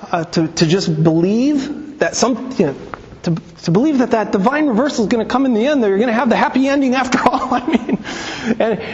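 Male Bible teacher, high-pitched, chatty storytelling delivery, muffled sound with a long hall tail. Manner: conversational, poses rhetorical questions, retells stories. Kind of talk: teaching talk on scripture and Talmud. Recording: long reverb, dull lo-fi sound.

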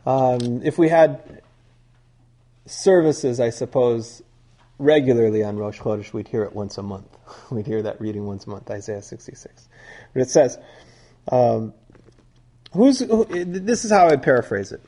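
Husky, mellow-voiced male teacher. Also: mid-range voice, measured pace, pauses often. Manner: conversational, digressive, quizzes listeners. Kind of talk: conversational sermon teaching.

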